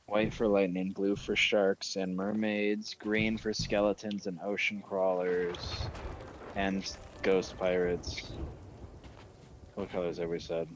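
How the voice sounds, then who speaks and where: A man talks casually with a friend during a game. His voice sits low, and he runs through details in a plain, matter-of-fact way. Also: little pitch movement, slow, a little hiss or hum. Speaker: co-op gaming partner. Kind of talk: casual chat while gaming.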